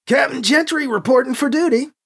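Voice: sits high, fairly quick, husky, pitched above the performer's own voice. A narrator voicing a teasing, wisecracking man, a pilot captain, for an audiobook. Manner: joking, mocking. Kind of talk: audiobook character reading.

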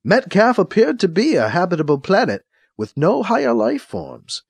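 A man's voice: high-pitched, wildly swooping pitch, moderate pace, vocal fry, breathy edge, no room sound, voice pushed up, heavily acted. A man reading an audiobook, voicing a solemn older woman who was once a leader, guarded and sighing. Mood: wistful. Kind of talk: audiobook character voice.

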